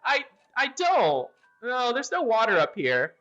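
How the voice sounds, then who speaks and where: A man's voice: extremely high pitch, huge pitch swings, a little slow, pushed and bright, soft background music, voice pushed up, heavily acted. A man voicing a chatty, polite male gargoyle who guards magic slides, talking in a fussy, apologetic way. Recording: dull lo-fi audio.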